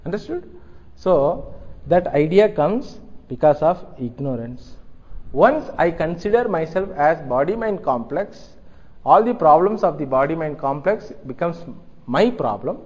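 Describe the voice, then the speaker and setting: A man leads a philosophical discourse, his fairly high voice rising and falling in a lively way. He lays out each point patiently and keeps checking that his listeners follow. The dull, lo-fi recording carries a long hall reverb. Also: measured pace. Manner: explains step by step, often checks with "Understood?". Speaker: spiritual teacher.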